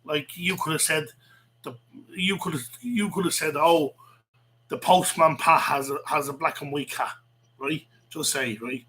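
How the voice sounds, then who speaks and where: Over poor audio, a male vlogger with a high-ish, bright, pushed voice rants unhurriedly to the camera. He rambles, swears a lot, and is full of fillers and restarts.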